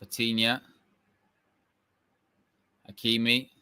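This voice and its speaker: A young man doing casual live football watch-along commentary, reacting excitedly and shouting at big moments. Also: mid-range voice, takes it slowly, clear, resonant tone, dry recording.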